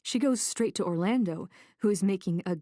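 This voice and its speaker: Woman reading a tense first-person thriller audiobook, measured delivery, dry close sound. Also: medium pitch, dark tone, no echo. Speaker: audiobook narrator.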